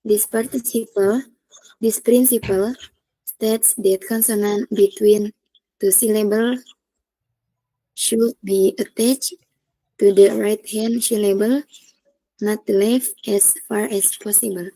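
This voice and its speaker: A young woman reading a class presentation on syllables, slowly and haltingly, with restarts. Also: medium pitch, steady tone, dark tone, dry recording, low-quality recording. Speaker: student presenter.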